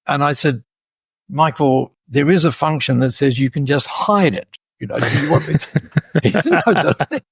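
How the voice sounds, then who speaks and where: A man in his later years, a podcast guest, telling stories in a lively way, laughing often and restarting his sentences. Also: mid-range voice, moderate pace, vocal fry, husky, dry recording. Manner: animated, laughing storyteller with many restarts. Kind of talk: storytelling in conversation.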